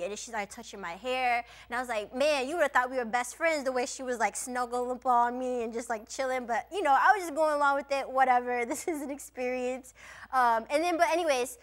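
A young woman with a slightly high voice hosts a cooking show. She chats loosely as she cooks and drifts into a rambling story, full of fillers. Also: fairly quick, fairly bright tone. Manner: chatty, storytelling with lots of fillers. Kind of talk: casual chat while cooking.

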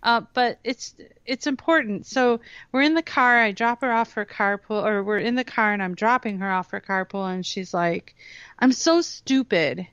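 A woman guest on a talk radio show explaining hypnosis in a lively way, acting out the voices she quotes. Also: medium pitch, normal speed, smooth, dry recording. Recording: dull lo-fi radio audio.

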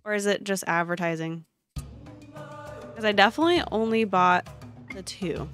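Excitable woman streamer, slow lively chat. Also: medium pitch, soft background music. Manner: excitable, gasping and exclaiming; chatty, addresses her viewers directly. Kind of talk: live game-stream chat.

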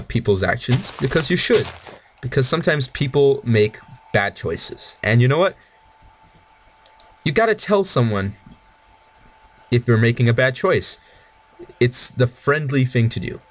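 A young man giving rambling, casual commentary while playing a game, with many fillers and restarts. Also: mid-range voice. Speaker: gaming video creator.

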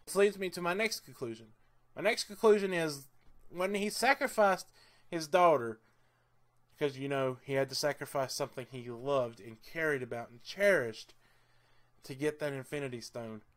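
A man's voice: fairly high pitch, normal speed. A man giving a casual movie review vlog, enthusiastic and rambling, with lots of "uh"s and "I mean"s. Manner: excitable and laughs easily.

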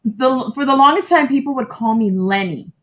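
A woman guest telling stories on a video call, expressive and quick to laugh. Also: high voice. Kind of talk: live-stream chat.

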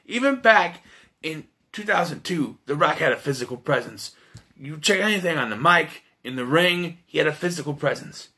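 A man with a fairly high, bright, forceful voice talks through a film review in a loose, offhand way. He is blunt and swears freely, and he often restarts his sentences. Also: expressive, normal speed. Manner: blunt and profane, with frequent restarts. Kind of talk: casual spoken film review.

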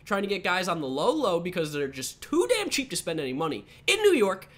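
Fired-up young man ranting, lively pitch. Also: fairly quick. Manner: profane, sarcastic, fired-up. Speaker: sports fan vlogger. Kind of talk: heated sports rant.

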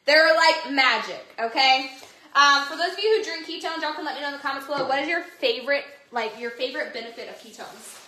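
A woman hosts a casual phone livestream from home, chatty and bubbly, greeting viewers by name. Her voice is high, bright and sharp. The room around her echoes. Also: a little fast. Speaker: livestream seller. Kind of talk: casual livestream sales chat.

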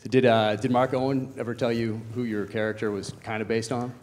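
A man's voice: mid-range voice, flat delivery, brisk, a little mellow. A man moderating a panel with casual interview questions, enthusiastic and friendly, with many fillers. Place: screening venue stage. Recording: echoey venue hall with faint noise.

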